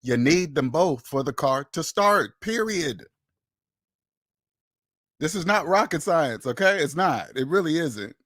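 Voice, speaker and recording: A man's voice: fairly high pitch, animated, unhurried, pauses often, a bit bright, dry recording, clean studio sound. Preachy man lecturing on money. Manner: emphatic, preachy, repeats phrases, acts out imagined dialogues. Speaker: personal finance channel host. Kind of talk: opinionated monologue to camera.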